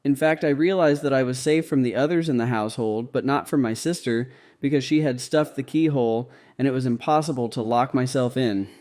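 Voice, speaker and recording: This is a mid-range male voice, mellow and a touch dark, narrating a first-person devotional diary. He reads slowly and steadily, never rushing, in a calm, even manner.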